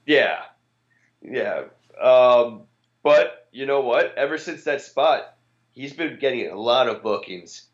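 A man's voice: medium pitch, lively intonation, slow pace. A man co-hosting a wrestling podcast, chatting casually and often trailing off mid-thought. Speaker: podcast co-host. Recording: dull lo-fi mic.

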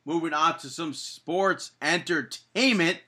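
A man's voice: fairly high pitch, slow pace, bright, forceful tone. A man hosting a wrestling podcast, talking casually with lots of filler words and some sarcasm. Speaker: podcast host.

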